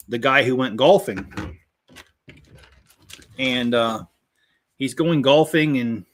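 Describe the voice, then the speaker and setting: A man in easy, casual chat as he builds, at a middling pitch. He rambles through jokes with plenty of "uh" and "you know", and stops to greet viewers by name. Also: a bit bright. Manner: rambling, joking storyteller with many fillers. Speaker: channel host building a toy set.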